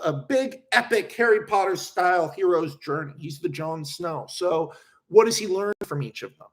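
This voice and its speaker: A young man chatting casually on a livestream, reading viewer questions and rambling in an animated way, with frequent swearing. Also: on the high side. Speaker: streamer.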